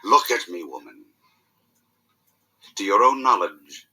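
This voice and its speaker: A woman's voice: rumbling low, pushed and bright, heavily acted, low-quality recording. A woman reading the part of a stern, domineering male judge aloud in class, commanding and interrogating. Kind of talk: classroom read-aloud of a play.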